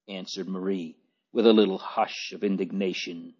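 A man narrating a storybook aloud in a measured way, on a dull lo-fi recording. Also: deep voice, a little mellow, slightly rough. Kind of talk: audiobook narration.

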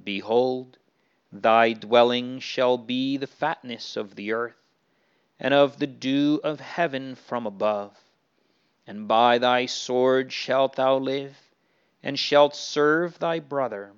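A man voicing an aged, shaken father who speaks softly and then pronounces a solemn blessing, on a dull lo-fi recording. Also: medium pitch, fairly even intonation, slow pace, clean tone, lightly acted. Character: aged blind father Isaac, frightened and solemn.

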